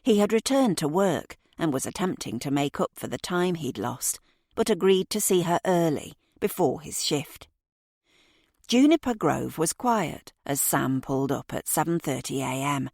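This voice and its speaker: Low-voiced woman narrating a mystery. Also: gravelly, darkish tone, no room sound, clean studio sound. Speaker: audiobook narrator. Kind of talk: scripted audiobook narration.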